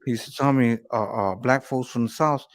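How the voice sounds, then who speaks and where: A man's voice: medium pitch, brisk. Profane, rambling man telling street stories. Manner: profane, rambling storyteller with constant "you know what I'm saying". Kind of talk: casual chat.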